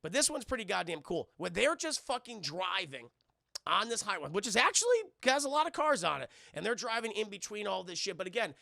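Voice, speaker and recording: Gravelly high-voiced man ranting about a film. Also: big pitch swings, fairly quick, sharp tone, dry recording, clean studio sound. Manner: rambling, profane, acts out characters' lines. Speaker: streamer reviewing a film for chat. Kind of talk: casual profane movie recap.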